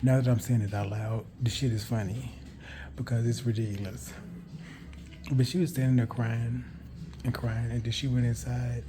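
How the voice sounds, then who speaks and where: A man's voice: medium pitch, little pitch movement, normal speed, noisy background. A man vlogging a candid personal story in a rambling, frank way, correcting himself and swearing casually.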